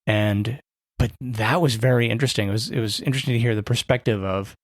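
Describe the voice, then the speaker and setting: A man co-hosts a podcast in casual conversation, rambling and correcting himself with wry humor. His medium-pitched voice is steady and fast, captured in a dry, studio-quality recording.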